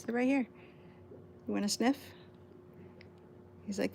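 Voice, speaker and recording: Woman, cat sanctuary livestream host, casual chatter with frequent laughs, mid pitch, faint room noise. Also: a little slow, vocal fry, pauses often, darkish tone. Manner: chatty, laughs often, coos at the cats.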